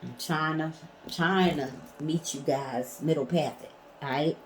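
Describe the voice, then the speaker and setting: A woman's voice: low-pitched, slow, a little hiss or hum, low-quality recording. A woman vlogging in a casual storytelling way, blunt and emphatic, swearing freely.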